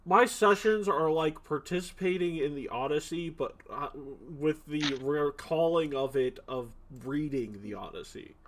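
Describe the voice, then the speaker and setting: A man's voice: fairly high pitch, unhurried, hardly any pauses, fairly bright tone. A man hosting a tabletop game stream as game master, joking and rambling with fillers.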